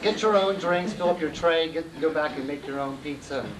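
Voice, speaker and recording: A man's voice: fairly high pitch, normal speed. A man telling a rambling roast story to a crowd, full of fillers and held-back laughs. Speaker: roast speaker. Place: party hall with an audience. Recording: distant home video mic with loud hiss.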